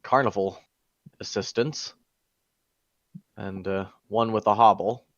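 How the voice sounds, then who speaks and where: A man's voice: on the low side, steady tone, slow pace, dry recording. A man playing a tabletop game, dry and wry in his remarks. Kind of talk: casual play at the table. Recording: dull, muffled mic.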